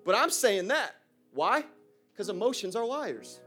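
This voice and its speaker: A man preaching an energetic sermon in a church, using casual slang and calling out to the congregation. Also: high-pitched, a little slow, soft background music.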